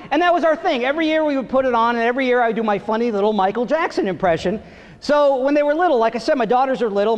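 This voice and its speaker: A middle-aged stand-up from Long Island, New York, performs family stories on a theater stage, animating them with acted-out voices. His pitch is extremely high, the sound has a long reverb tail, and the audio is dull.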